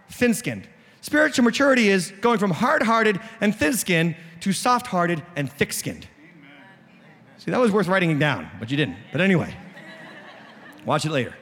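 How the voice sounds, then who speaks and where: A man's voice: high voice, gravelly, a bit bright. A man pastor with a New England accent preaching a sermon, direct and joking with the congregation. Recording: echoey hall.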